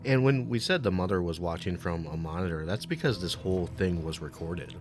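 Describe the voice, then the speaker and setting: Very deep-voiced man, podcast co-host. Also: fairly quick, over music. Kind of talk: true crime podcast chat.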